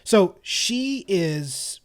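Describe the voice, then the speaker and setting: A man's voice: sits high, big pitch swings, drawn-out words. Wry man reviewing a film. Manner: wry, laughs often, trails off with ums. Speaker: podcast co-host. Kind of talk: casual film-review chat.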